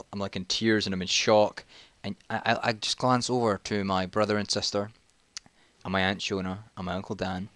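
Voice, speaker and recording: A man's voice: on the low side, a bit bright, no room sound. A man, telling a jokey, rambling story in a casual vlog while playing a video game and getting sidetracked. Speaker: vlogger.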